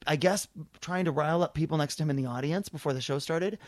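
A man's voice: on the high side, fast talker, dry recording. A man, a comedian, telling a story in casual chat and acting out the people he quotes. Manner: animated, acts out quoted voices.

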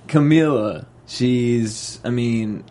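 A man hosting a casual TV recap chat, relaxed and chatty with many fillers. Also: mid-range voice, very slow. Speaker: show host.

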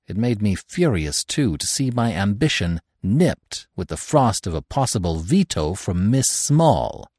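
A man reading a first-person story aloud as the narrator, in an expressive, theatrical style. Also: on the low side, unhurried, hardly any pauses, no echo, studio quality. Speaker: audiobook narrator.

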